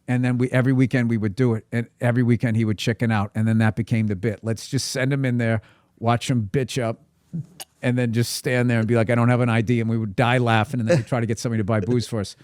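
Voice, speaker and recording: A man's voice: medium pitch, no room sound, studio quality. A comedian guest telling a long, profane story on a podcast, laughing as he goes. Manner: profane, animated, laughs through his story.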